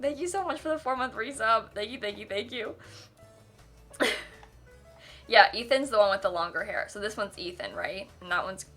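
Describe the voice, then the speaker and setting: A woman livestreamer in casual chat, rambling and quick to laugh as she thanks viewers. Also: mid-range voice, sharp tone. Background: faint music.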